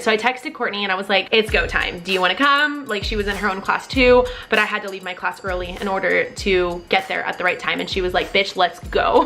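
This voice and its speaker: A young woman casually telling a personal story to camera, candid and expressive, with plenty of "like" and the odd swear word. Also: medium pitch. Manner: candid and expressive, with frequent "like" and profanity.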